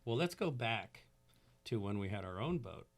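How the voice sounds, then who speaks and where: A man's voice: lowish voice, very animated, normal speed. A man telling a fishing story with gusto. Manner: acts out quotes with big jumps in voice. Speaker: podcast guest. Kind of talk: animated storytelling.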